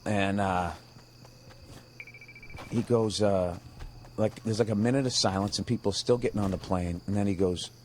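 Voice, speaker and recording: A man's voice: on the low side, fairly even intonation, moderate pace, pauses often, a little mellow, slight background noise. Profane man telling a story. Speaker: comedian. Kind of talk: storytelling over gameplay. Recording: game gunfire behind voice.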